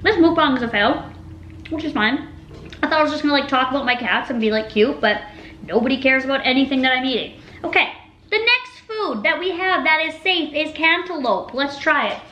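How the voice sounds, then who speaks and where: A woman's voice: high voice, expressive, brisk, sharp tone, roomy sound, a little hiss or hum, rough recording. A woman in her twenties chatting casually in a vlog, rambling through her stories with lots of "like" and "literally". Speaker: vlogger. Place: home room with a table.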